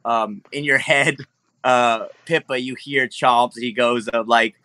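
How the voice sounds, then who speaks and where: A man's voice: medium pitch, fairly even intonation, measured pace, pushed and bright, clean tone, no echo. A man narrating as game master of a tabletop game, rambling loosely with lots of fillers and easy laughs.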